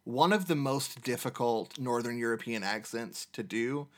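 Brief: mid-pitched male co-host, dry blunt humor, casual chat. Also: lively intonation, moderate pace. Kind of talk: casual movie podcast chat.

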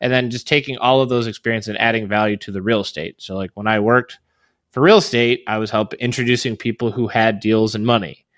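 Guest, male, 30s, lowish pitch, dry close mic; loose, rambling, filler-heavy conversational delivery. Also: fairly even intonation, fairly quick, no echo. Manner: rambling, lots of "like" fillers and restarts. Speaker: podcast guest, real estate investor. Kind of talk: casual interview chat.

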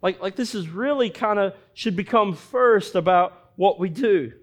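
Animated man preaching a sermon, higher voice. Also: measured pace. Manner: animated, reads scripture with dramatized voices for characters. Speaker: pastor.

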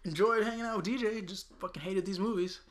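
A man's voice: sits high, fast, slight background noise. A young man co-hosting a casual podcast, ranting with lots of swearing. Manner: profane, ranting. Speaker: podcast co-host. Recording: audio-only podcast.

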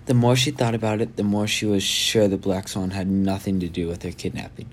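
A man reads a novel chapter a little fast in a low, flat voice for an amateur audiobook, often making slips, restarting lines, and adding his own asides. A little hiss or hum sits under the recording.

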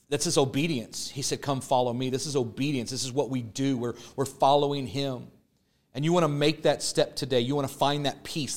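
Earnest man preaching a sermon. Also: mid-range voice. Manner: earnest, repetitive preaching cadence with slow emphatic stretches; prayerful, pleading close. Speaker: pastor. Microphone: podcast or online service recording.

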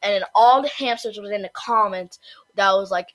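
A woman's voice: medium pitch, normal speed. A young woman co-hosting a casual podcast, chatty and full of fillers. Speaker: podcast co-host. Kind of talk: casual chat.

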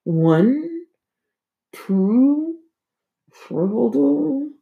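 A woman reading aloud and voicing a silly bearded male psychiatrist talking himself to sleep in a slow, sing-song way. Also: sits high, big pitch swings, gravelly, phone-quality sound, pitched above the performer's own voice, exaggerated voice. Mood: drowsy.

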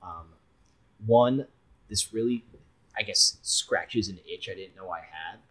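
Young man, husky voice, lowish pitch, relaxed rambling movie review chat. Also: takes it slowly, rough recording. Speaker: podcast co-host.

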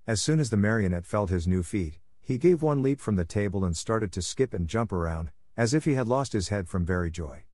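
A man reads a classic children's story aloud in a steady, measured way. His voice sits low for a man. The recording is dry and close, with no room sound around him. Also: dry recording. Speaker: audiobook narrator. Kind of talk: storybook narration.

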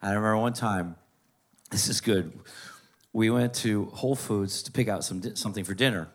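A man doing stand-up, telling a long family story in casual, profane talk, jumping into high voices to quote his mother. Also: moderate pace. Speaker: stand-up comedian.

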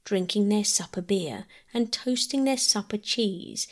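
A woman storyteller reading a classic children's novel aloud as a calm bedtime story. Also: medium pitch, measured pace.

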